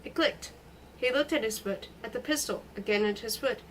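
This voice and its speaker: A woman reading a novel aloud in a steady, expressive way. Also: a little high, normal speed, slight background noise, rough recording. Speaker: reader.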